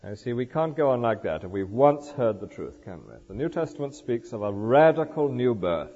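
An older man preaching a sermon in a church, explaining scripture with lively asides and rhetorical questions. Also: medium pitch, brisk. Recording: dull lo-fi recording in a reverberant church.

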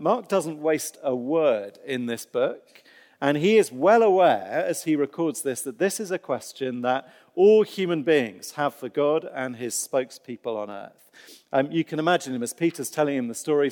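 A man preaching a sermon, telling stories with animated delivery and dry, self-deprecating humor. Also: on the high side, moderate pace. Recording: long hall reverb.

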